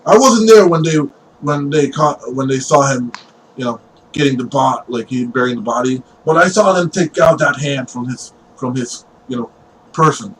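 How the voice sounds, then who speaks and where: A man's voice: mid-range voice, normal speed, close to an everyday voice. A village priest stumbles and restarts as he gives testimony, played by a man running a game. The sound comes from a mic set back a little, with a faint hiss underneath. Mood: earnest. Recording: distant mic with faint noise.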